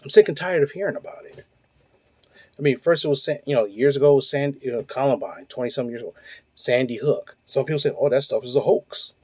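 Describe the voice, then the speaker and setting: Guy in his 40s ranting hard, swears a lot, mellow low-key tone, dry close sound. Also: fast talker, no echo. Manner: blunt, profane, heated, rhetorical. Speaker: host. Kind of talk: ranting monologue.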